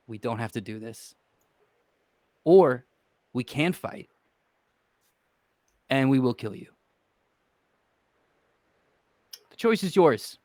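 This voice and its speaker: A calm undead man speaks in a put-on accent, as a man acts him out. He is measured and persuasive, with a quiet menace under the words. The sound is close and dry, at a middle pitch. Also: no echo, natural voice. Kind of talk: in-character role-play.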